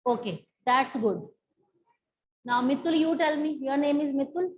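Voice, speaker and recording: High-voiced Indian English teacher. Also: female voice, a little slow, rough recording. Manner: repeats questions, coaxing students to answer. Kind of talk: online class lesson.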